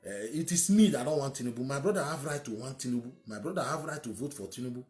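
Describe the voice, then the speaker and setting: A man's voice: medium pitch, fast talker, darkish tone, reverberant. A man with a Nigerian accent giving an opinionated monologue as a political commentator, emphatic and ranting, firing off rhetorical questions.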